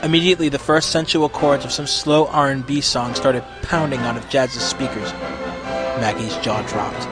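A man narrating a story in an expressive reading. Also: medium pitch, moderate pace, over music. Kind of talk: storybook reading of fan fiction.

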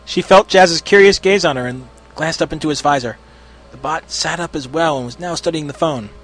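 A man narrating a story in an expressive reading. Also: on the high side, fairly quick. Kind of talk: storybook reading of fan fiction.

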